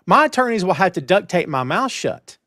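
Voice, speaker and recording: Animated high-voiced man. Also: brisk, no room sound, clean studio sound. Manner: animated, emphatic, many restarts. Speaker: podcast host. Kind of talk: casual wrestling news chat.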